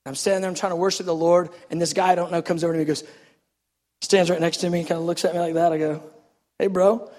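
A man preaching a sermon, telling a personal story in an animated, self-deprecating way. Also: fairly high pitch, fast. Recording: echoey hall reverb.

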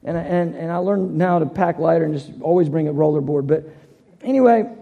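Male preacher, earnest storytelling sermon, gravelly fry in his voice, long hall echo. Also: on the high side, fairly quick, phone-quality sound. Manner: earnest, repeats and restarts phrases.

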